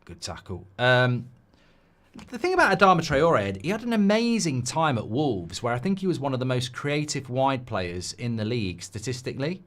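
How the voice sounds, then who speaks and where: A man hosting a live football stream, talking loosely and rambling between match moments. He reads viewer comments aloud in a steady, mid-range voice. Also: medium pitch, moderate pace. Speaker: host. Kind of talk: live football watchalong chat.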